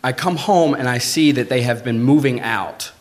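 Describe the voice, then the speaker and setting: A man telling a true personal story live on stage, in casual, swearing talk, acting out the voices of the people in it. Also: moderate pace. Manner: animated, acts out quoted voices with big pitch jumps; swearing, conversational, frequent "like".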